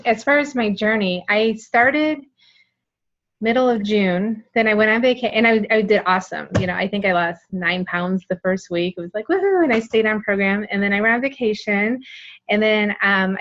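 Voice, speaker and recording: A woman's voice: medium pitch, fairly bright tone. Woman in her 40s rambling thru her story, lots of ums, muffled lo-fi audio. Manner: candid, rambling with many fillers. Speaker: guest sharing her story. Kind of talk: casual personal testimony. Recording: dull lo-fi sound.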